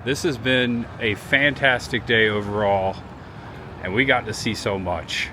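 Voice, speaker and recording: A man's voice: fairly low pitch, steady tone, measured pace. A man talking casually as a travel vlogger, chatty and reflective, sometimes getting emotional as he walks through a city. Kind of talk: casual vlog narration. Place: outdoors on city streets. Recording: outdoor street noise.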